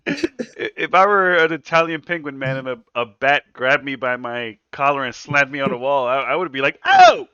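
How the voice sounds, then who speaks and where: A man co-hosting a casual podcast chat, laughing often and breaking into loud, goofy impressions. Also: mid-range voice, normal speed, smooth, dry recording, muffled recording. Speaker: podcast co-host.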